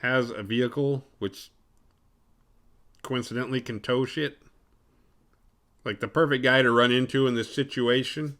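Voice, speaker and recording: A man's voice: medium pitch, steady tone, moderate pace, pauses often, a bit bright. A man hosting a horror movie podcast, recapping a film in a rambling, profane, sarcastic way.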